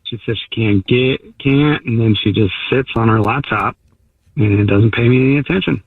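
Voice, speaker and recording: A man's voice: mid-range voice, normal speed, slightly rough, dry recording. A man calling in to a radio show, telling his story hesitantly with fillers and restarts. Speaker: caller. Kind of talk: phone-in account to a radio show. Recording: tinny phone line.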